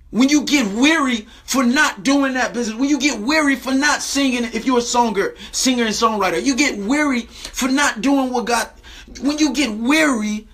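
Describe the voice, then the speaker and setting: A man preaching a Bible lesson to camera in his daily video, stressing scripture lines slowly and checking in with "right?". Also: extremely high pitch, pushed and bright. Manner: emphatic, repeats phrases and asks "right?".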